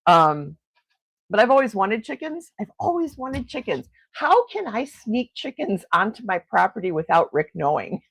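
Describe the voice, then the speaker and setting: A woman chats through a casual morning livestream from her home, greeting viewers and reacting to their comments with frequent exclamations. Her pitch swings widely and animatedly as she talks. She speaks into a desk microphone, and the sound is dry and close. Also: creaky, a bit bright, no room sound. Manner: chatty, exclaims often. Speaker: livestream host. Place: home in snowy Milwaukee.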